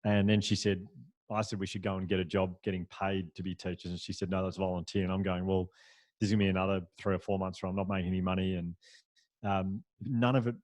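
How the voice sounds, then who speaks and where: A man, a podcast guest, telling a story in a lively, anecdotal way, with frequent restarts and fillers. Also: low-pitched, fast, no room sound. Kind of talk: storytelling in a conversational interview.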